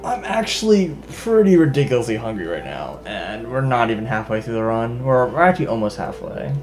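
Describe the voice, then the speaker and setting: A man's voice: medium pitch, big pitch swings, brisk, darkish tone. A young man co-commentating a speedrun, talking casually and hesitantly with many fillers. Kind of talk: casual stream chat. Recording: game music playing behind.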